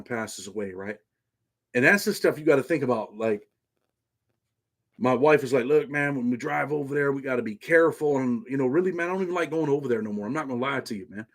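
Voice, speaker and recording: A man's voice: mid-range voice, fairly bright tone. Laid-back man chatting on a livestream. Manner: loose, repeats "man" often, reads chat aloud. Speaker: livestream host. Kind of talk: casual livestream chat.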